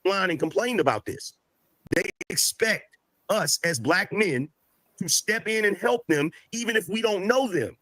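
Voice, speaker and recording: Man, high voice, argumentative, stammering restarts, panel debate. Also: animated, unhurried, sharp tone, dry recording.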